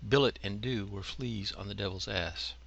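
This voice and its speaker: A man reading a short story aloud in a slow, wry storytelling manner. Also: lowish voice, vocal fry, fairly bright tone. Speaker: story contributor.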